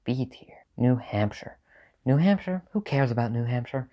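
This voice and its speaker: A man talks through a casual comedy monologue with a deadpan, offhand delivery. His voice sits at an ordinary middle pitch. Now and then he jumps up in pitch for mock outrage, then drops back to his dry, unbothered tone. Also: moderate pace, muffled recording. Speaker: video host ranking states.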